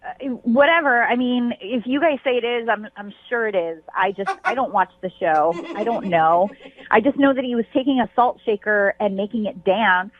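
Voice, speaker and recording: Hesitant woman caller, a bit high. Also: normal speed, narrow, tinny audio, a crowd in the background. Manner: hesitant, awkward, laughing. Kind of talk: radio show call.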